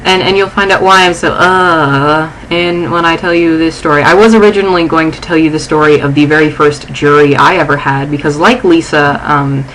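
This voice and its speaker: A young woman vlogging from her dorm room. She is shaken and angry, and her speech is halting and full of restarts. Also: low-pitched, steady tone, fairly bright tone, slight background noise, low-quality recording. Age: young adult. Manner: agitated, halting, restarting sentences. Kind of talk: casual vlog.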